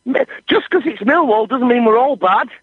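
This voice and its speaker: A man, the target of a prank phone call, talking in an indignant, excitable way and swearing now and then. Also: very high-pitched, moderate pace, breathy edge, no echo. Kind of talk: phone conversation. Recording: tinny phone line.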